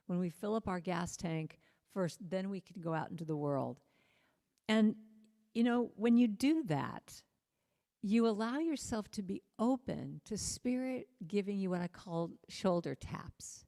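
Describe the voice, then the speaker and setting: A woman with an American accent giving a spiritual talk. She speaks gently and earnestly, slowing down on key phrases. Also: medium pitch, expressive, vocal fry, long reverb tail. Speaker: musician and inspirational speaker. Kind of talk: spiritual talk with sung chant.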